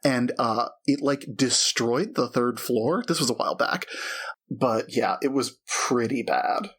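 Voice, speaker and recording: A man's voice: mid-range voice, measured pace, fairly bright tone, slightly rough. A man narrating as game master of a tabletop role-play game, chatty and full of fillers. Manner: chatty and hesitant, many fillers.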